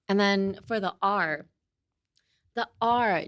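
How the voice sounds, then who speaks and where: A woman's voice: a little high, big pitch swings, unhurried, no room sound. Brief: young woman, lesson host, giggly and chatty, dry studio mic. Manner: chatty, laughs often, mixes in Japanese. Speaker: host and English teacher. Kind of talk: casual language lesson.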